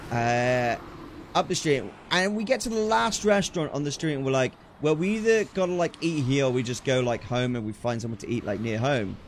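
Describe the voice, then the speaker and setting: A young British man chats away on a game stream, full of slang and quick bursts of excitement. His voice sits on the higher side for a man, and faint music plays underneath. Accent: British English. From Britain. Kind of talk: casual storytelling while gaming.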